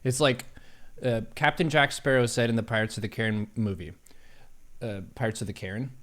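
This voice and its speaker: A man in the middle of his own vocal range hosts a relaxed live-stream chat. He teases his guest good-naturedly and breaks into laughter easily. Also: medium pitch, brisk. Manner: playful, laughs a lot, teasing. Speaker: show host.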